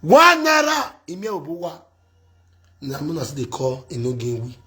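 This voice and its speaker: A man hosting a casual live-stream chat in Nigerian Pidgin, animated and insistent, often cutting in. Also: a little high, normal speed. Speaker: host.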